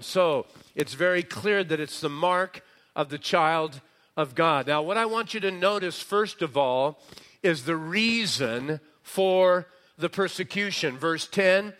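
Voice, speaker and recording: A man preaches a sermon in a slightly high voice. His delivery is slow and emphatic, leaning hard on key words. He sometimes drops into a quieter, conversational tone. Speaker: pastor.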